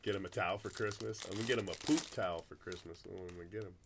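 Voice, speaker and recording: A man's voice: deep voice, fairly even intonation, quick pace, gravelly, noisy background. A middle-aged man hosting a card break, chatting casually and telling rambling stories full of restarts. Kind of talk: casual chat while opening cards.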